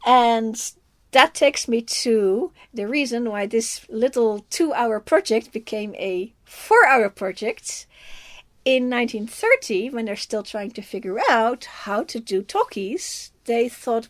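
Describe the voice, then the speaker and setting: A woman's voice: a little high, expressive, unhurried. A woman from the Netherlands with a Dutch accent, a film reviewer chatting casually as co-host, thinking aloud and laughing often. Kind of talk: casual chat.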